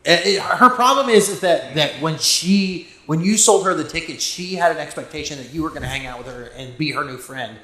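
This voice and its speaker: A man's voice: on the high side, a little fast, few pauses, sharp tone. Blunt man, crude podcast banter. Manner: blunt, crude teasing remarks. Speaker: podcast co-host. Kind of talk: casual chat. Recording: echoey room.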